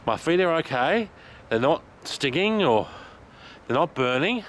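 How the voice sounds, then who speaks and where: Breathless, excited man out walking. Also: fairly high pitch, unhurried, a little hiss or hum. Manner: excited, laughing often, chatty. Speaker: vlogger. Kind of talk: casual vlog while walking. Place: outdoors in a park.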